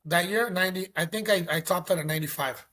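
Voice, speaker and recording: A middle-aged man from Mexico, a former pro pitcher, telling stories in a casual interview, animated and acting out phone calls. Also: fast. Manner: animated, acts out phone calls, says "you know" often.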